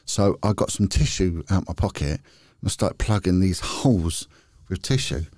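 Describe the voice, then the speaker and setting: In a clean studio recording with no echo, a middle-aged man who used to be a police detective tells rambling, candid stories as a podcast guest. His low voice is a little mellow, with lively intonation at a moderate pace, and he's chatty with frequent restarts.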